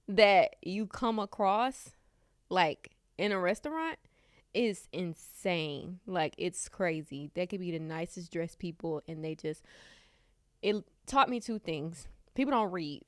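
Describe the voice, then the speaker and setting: A young woman talks casually on a podcast and keeps it real with emphatic, candid opinions. Her voice sits a little low. The sound is close and dry with no room in it. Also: dry recording. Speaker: podcast co-host.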